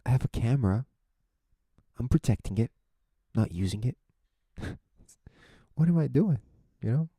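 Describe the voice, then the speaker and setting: A young man talks through his thoughts on his own podcast, asking himself question after question and restarting his phrases as he goes. His voice is deeply dark and mellow, and the recording is dry with no room sound. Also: expressive, measured pace, long pauses, husky, no room sound. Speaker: podcast host. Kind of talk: reflective solo monologue.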